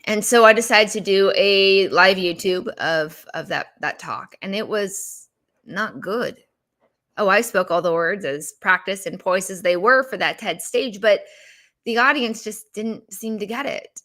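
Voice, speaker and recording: A woman with a bright, crisp voice tells her own story as a business coach. She is animated and slips into the voices of her past conversations as she retells them. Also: mid-range voice, measured pace. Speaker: business coach and podcast host. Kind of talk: personal storytelling monologue.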